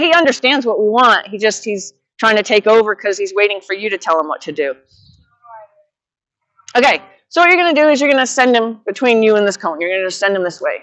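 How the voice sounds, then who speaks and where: Speaking at a medium pitch over a dry recording, a woman teaching horsemanship gives a student live, steady guidance punctuated by rapid, repeated praise.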